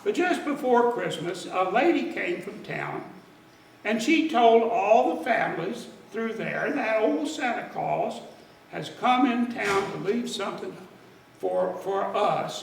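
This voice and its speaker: A man telling a folksy story in dialect at a church service, animated and lively. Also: sits high, gravelly, reverberant, far from the mic, a little hiss or hum, rough recording. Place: church sanctuary.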